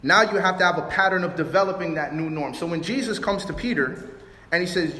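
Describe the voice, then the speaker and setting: Man from Chicago giving a relationship talk: high, bright voice, animated storyteller who plays every part, echoing hall. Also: brisk. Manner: animated storytelling, acts out both sides of arguments. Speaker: youth speaker. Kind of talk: relationship talk with personal stories. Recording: roomy hall reverb.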